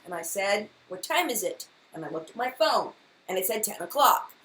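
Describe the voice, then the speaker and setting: A woman's voice: mid-range voice, expressive, normal speed, a bit bright. Flustered chatty woman in an echoey room. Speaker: beauty YouTuber hosting a live chat. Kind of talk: casual live-stream chat. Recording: echoey room with faint background hiss.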